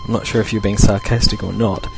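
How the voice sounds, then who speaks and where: A man's voice: fairly low pitch, little pitch movement, fast, vocal fry, loud music behind the voice. A young Australian man hosting a casual solo podcast, rambling loosely and chuckling as he talks. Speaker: podcast host.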